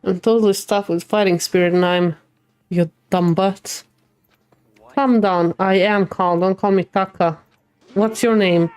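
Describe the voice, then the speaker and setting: A woman's voice: medium pitch, steady tone, normal speed, darkish tone, clean tone, dry recording. Emotional woman streamer reading game dialogue. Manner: emotional, reads game text aloud with reactions. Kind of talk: live gameplay commentary, reading dialogue aloud.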